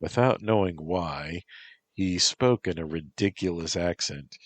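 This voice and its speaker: A man narrating a story in a slow, measured reading voice with a husky tone. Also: sits low, no echo.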